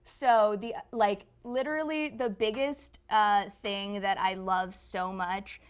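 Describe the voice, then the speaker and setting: A woman's voice: medium pitch, fairly even intonation, slow, smooth. A woman co-hosting a live review stream, chatting in a playful, jokey, gushing way. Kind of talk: casual live-stream chat.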